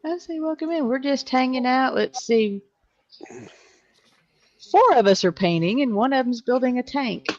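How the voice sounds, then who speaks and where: A woman hosting a casual hobby stream, who greets viewers warmly and laughs often. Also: high-pitched, animated, normal speed, long pauses, dry recording, lo-fi sound. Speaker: host of a hobby painting stream. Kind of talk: casual chat, reading viewer comments.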